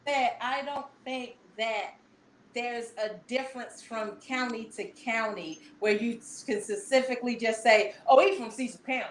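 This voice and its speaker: A woman's voice: fairly high pitch, steady tone, unhurried, slight background noise. A woman in casual chat, insistently correcting what others say about her. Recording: echoey room.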